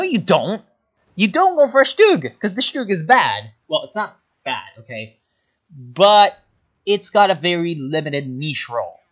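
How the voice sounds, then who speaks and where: A man casting a strategy game replay, explaining moves in an animated, exasperated way and swearing at the player's mistakes. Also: a little high. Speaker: game caster. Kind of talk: replay commentary. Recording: lo-fi muffled mic.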